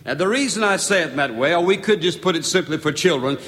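A man delivers a sermon in a church sanctuary, with a voice set a little higher than most men's. He reads scripture in a slow, emphatic cadence. The long reverb of the hall hangs behind every phrase. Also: animated, fairly bright tone. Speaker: pastor.

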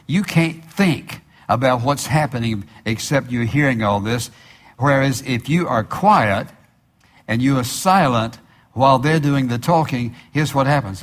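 Deliberate man preaching a sermon. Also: mid-range voice. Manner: slows down to stress key phrases and repeats them; asks the listeners questions and answers them himself. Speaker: pastor.

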